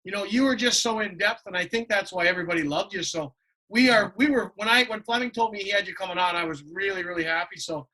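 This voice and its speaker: A man's voice: high voice, quick pace, sharp tone, poor audio. A middle-aged man from Canada co-hosting a podcast, chatty and effusive, with lots of "you know" fillers. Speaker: podcast co-host. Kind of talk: casual chat.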